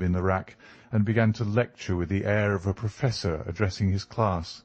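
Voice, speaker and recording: A man narrating a story slowly and deliberately for language learners. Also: fairly low pitch, steady tone, darkish tone, dry recording. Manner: deliberate, clear.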